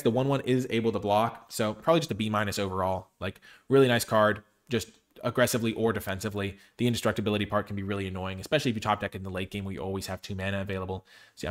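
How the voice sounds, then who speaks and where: A man reviewing game cards on his own, thinking aloud with frequent fillers and self-corrections. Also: fairly low pitch. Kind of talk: casual solo review talk.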